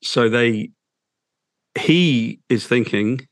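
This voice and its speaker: A man's voice: medium pitch, no room sound. Heartfelt man telling a story. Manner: halting, with restarts, soft and heartfelt. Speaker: interview guest. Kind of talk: emotional storytelling in an interview.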